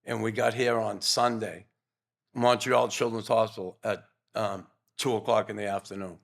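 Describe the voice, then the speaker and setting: Older male guest, gravelly voice, earnest, rambling anecdotes with restarts. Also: fairly low pitch, little pitch movement, normal speed, fairly bright tone. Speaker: guest, former pro hockey player. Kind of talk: casual interview storytelling.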